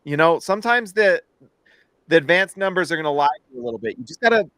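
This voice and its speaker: Casting: man in his thirties, slightly high voice, dry close mic, excitable live-stream game commentary. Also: fast, no echo. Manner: excitable, jokey, shouts at big plays. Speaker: host.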